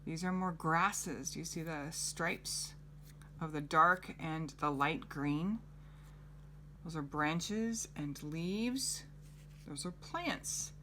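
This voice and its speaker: A middle-aged woman teaching a children's lesson, gently coaxing and asking the child questions. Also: sits low, drawn-out words, a little hiss or hum.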